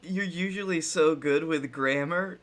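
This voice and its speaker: A man's voice: a little high, unhurried, a bit bright. A man co-hosting a podcast, teasing his friend with dry replies in casual chat. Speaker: podcast co-host.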